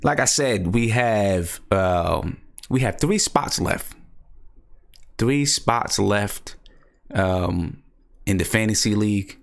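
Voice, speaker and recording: A young man with a somewhat low voice hosts a live stream. He talks in a loose, excited way, circling back to the same points and reading out viewer comments as he goes. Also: takes it slowly, creaky. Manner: excitable, repeats himself, reads chat aloud. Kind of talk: casual live stream chat.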